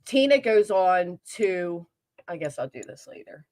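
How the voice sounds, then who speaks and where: A woman's voice: fairly low pitch, animated, unhurried, darkish tone. A woman hosting a casual reaction commentary, sarcastic, laughing now and then and trailing off into restarts. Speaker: commentary channel host.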